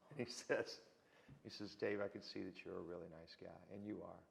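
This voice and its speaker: A man's voice: low-pitched, normal speed, gravelly. A man telling stories in a casual interview, acting out the people he quotes. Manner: animated anecdote teller, acts out quotes. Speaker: interview guest. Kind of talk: casual storytelling.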